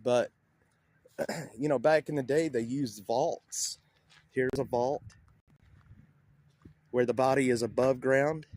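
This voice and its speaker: A man's voice: mid-range voice, fairly even intonation, slow pace, pauses often, darkish tone, low-quality recording. A man live-streaming outdoors on a phone, shivering from the cold, rambling and talking to his chat. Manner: rambling, laughs often, talks to chat. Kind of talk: casual live-stream narration. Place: outdoors in a cemetery. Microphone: phone held in hand.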